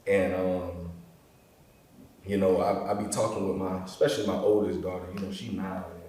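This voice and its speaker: A man's voice: sits low, normal speed. Laid-back man, echoey room, far mic. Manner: relaxed, rambling, frequent "bro" and "you know". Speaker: podcast host. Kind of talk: casual conversation. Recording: roomy echo, mic at a distance.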